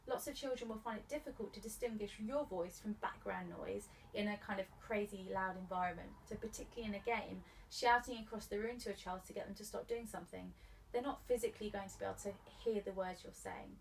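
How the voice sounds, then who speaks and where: Woman, gravelly voice, calm instructive explaining, slightly distant mic. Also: mid-range voice, quick pace, slight background noise. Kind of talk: explaining advice in an interview.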